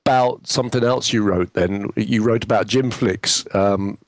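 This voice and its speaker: Middle-aged guy on a podcast, lowish voice, lots of ums while he works out his question. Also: unhurried. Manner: hesitant, many ums, asks long questions. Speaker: podcast co-host. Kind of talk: casual chat.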